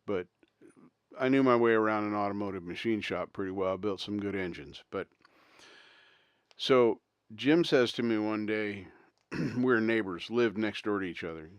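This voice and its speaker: Guy rambling through old stories on his stream, lowish voice, chuckles a lot, smooth and dry sounding. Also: dry recording. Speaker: livestream host. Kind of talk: casual storytelling chat.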